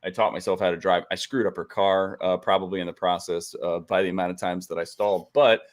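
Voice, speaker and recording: A man with a somewhat low-pitched voice talks casually as co-host of a live stream. He chats and tells stories in a relaxed way and laughs easily. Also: fast. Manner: chatty, laughs easily, storytelling. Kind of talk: casual chat. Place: home studio on a live stream.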